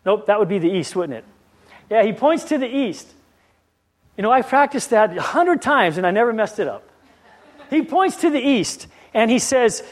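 Preacher guy w a high voice, firing off question after question. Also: sing-song, normal speed. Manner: repeated rhetorical questions and storytelling. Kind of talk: sermon.

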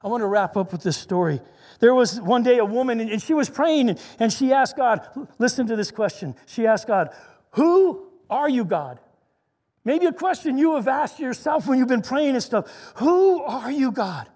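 A man with a very high voice preaches a sermon, earnest and repeating key phrases for emphasis. A long echoing reverb trails every line. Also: a little fast, darkish tone.

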